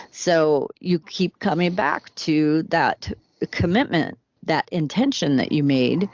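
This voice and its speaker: A woman who works as a relationship coach, speaking in a slow, earnest coaching style on a podcast. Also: medium pitch, dry recording. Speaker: soulmate coach. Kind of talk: podcast interview. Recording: dry, dull lo-fi sound.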